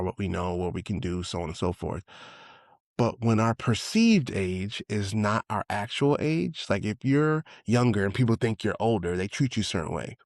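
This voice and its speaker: A man in his forties from Brooklyn speaks with a New York accent in a low, easygoing voice. He rambles through a personal story and jumps up in pitch when he acts out what other people said. The recording is dry and close, with no room sound. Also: dry recording. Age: 40s. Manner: loose, conversational, acts out quotes with excited higher voice. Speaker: podcast host. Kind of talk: reflective casual storytelling.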